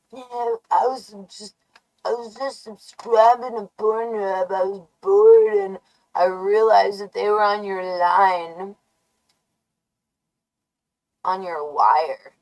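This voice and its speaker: A woman's voice: medium pitch, poor audio. A woman live streamer rambling in a brash, taunting, profane way. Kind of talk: rambling livestream rant.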